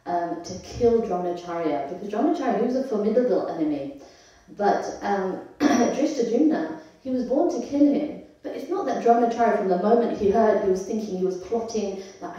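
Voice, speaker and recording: A woman's voice: mid-range voice, mellow. A woman giving a devotional scripture class in a conversational way, asking her audience questions as she goes. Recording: echoey temple hall, voice from far off.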